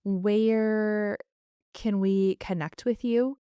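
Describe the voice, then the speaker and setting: An enthusiastic woman hosts a podcast interview at an ordinary middle pitch, encouraging her guest with eager reactions. Her voice is recorded dry and close with no room sound. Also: fairly even intonation, very slow, warm tone, clear, resonant tone, no echo, lo-fi sound. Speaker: podcast host.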